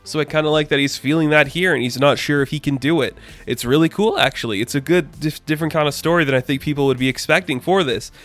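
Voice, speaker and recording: A man's voice: a little high, quick pace, hardly any pauses, fairly bright tone, soft background music. A man giving a casual comic book review, chatty and full of fillers, loosely paraphrasing what the characters say.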